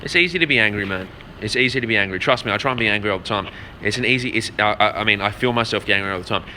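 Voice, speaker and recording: A man's voice: lowish voice, rapid-fire, bright, forceful tone. A young man vlogging in casual, rambling talk, swearing freely and calling the listener "man" and "bro". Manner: rambling, profane storytelling with lots of "man" and "bro". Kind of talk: casual vlog chat. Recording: faint background noise.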